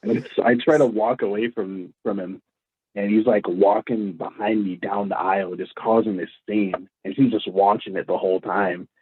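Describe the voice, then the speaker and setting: Low husky man on a tinny line. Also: fairly even intonation, normal speed. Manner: rambling, stammering anecdotes with acted-out quotes. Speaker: guest, former prank video maker. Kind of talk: casual interview storytelling. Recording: tinny phone-like audio.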